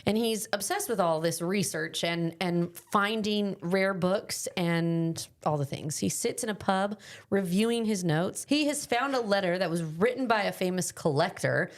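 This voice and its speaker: A woman hosting a book podcast, recapping a novel in casual chat that is quick and full of "like" fillers. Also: mid-range voice. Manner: chatty, many "like" fillers, quick bursts.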